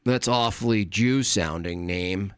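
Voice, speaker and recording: A man hosting a late-night livestream, ranting and rambling with heavy swearing and often trailing off into low mutters. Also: measured pace, a bit bright, clean tone, no echo. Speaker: livestream host.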